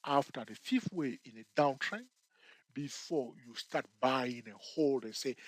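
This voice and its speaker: A man with an expressive, mid-range voice teaches a chart-trading lesson over screen share at a measured pace, with no echo. He tends to repeat himself, checks in with "okay?" and "all right?", and sometimes jokes and laughs at himself.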